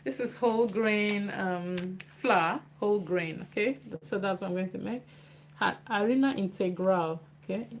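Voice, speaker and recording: Slow-talking woman cooking. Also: mid-range voice. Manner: chatty, repeats phrases while working. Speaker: cooking vlogger. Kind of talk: casual cooking demonstration. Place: home kitchen. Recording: noisy kitchen with clicks.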